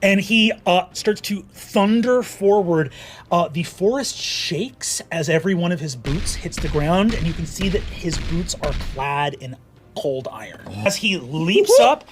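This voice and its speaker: A man's voice: sits high, expressive, measured pace, a little hiss or hum. A man narrating a tabletop fantasy game as game master, with vivid, descriptive storytelling.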